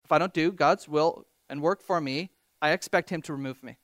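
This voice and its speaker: A man preaching a sermon as pastor, animated, reading scripture with rising emphasis and joking about himself. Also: fairly high pitch, fairly quick, dry recording. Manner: animated, quotes scripture with rising emphasis, self-deprecating humor.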